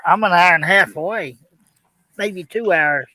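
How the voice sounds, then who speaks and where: A man's voice: sits high, moderate pace, pushed and bright, no room sound, low-quality recording. A man co-hosting a live stream, wisecracking and reading out chat comments.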